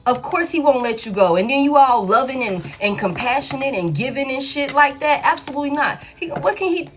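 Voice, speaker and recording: A woman giving a live tarot reading, blunt and profane, hammering her points home with repeated flat refusals. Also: sits high, a little fast. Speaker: tarot reader. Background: faint background music.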